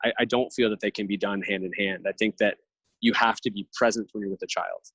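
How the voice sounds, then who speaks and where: A reflective man in his thirties talks in long, earnest stretches, with a slightly low voice. He sounds close and dry, with no room sound around him. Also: steady tone, quick pace, a bit bright, slightly rough, no room sound, rough recording. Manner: earnest, reflective, speaks in long thoughtful runs. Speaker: podcast guest. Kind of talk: casual conversational interview.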